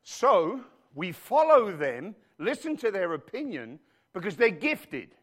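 Lively, animated preaching man. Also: high voice, slow. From outside the United States. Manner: preachy call-and-response with the congregation. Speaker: pastor. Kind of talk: sermon. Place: church.

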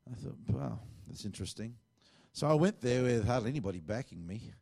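A man's voice: medium pitch, expressive, fairly quick, gravelly, warm tone. A middle-aged man, preaching a sermon as a pastor and telling a story with lots of quoted dialogue. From Australia.

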